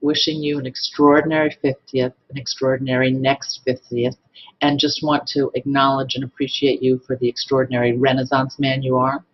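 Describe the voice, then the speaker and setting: Earnest man with a husky, muffled voice. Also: mid-range voice, level tone. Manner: measured and earnest. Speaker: friend giving a birthday tribute.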